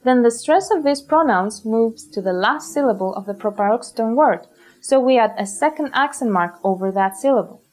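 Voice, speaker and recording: Woman teaching, slightly high voice. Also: animated, darkish tone. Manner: clear, careful explanation with slow model pronunciations. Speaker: Greek language teacher. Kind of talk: scripted language lesson.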